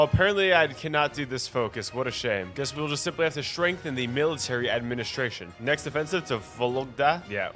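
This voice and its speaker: A young man, a gaming YouTuber, giving hyped, slangy commentary on a strategy game with loud bursts of excitement. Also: mid-range voice.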